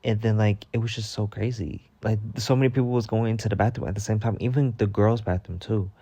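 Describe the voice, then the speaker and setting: A man's voice: lowish voice, steady tone, fast talker, warm tone, slightly rough, dry recording. A young man telling a mock-dramatic storytime rant in slangy, swear-filled casual talk. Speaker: storytime vlogger.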